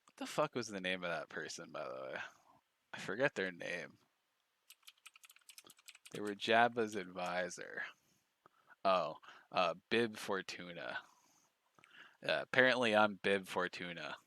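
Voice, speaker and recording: A man's voice: sits low, lively intonation, measured pace, pauses often, pushed and bright, no room sound. A man streaming, giving casual, profane, mocking commentary on clips.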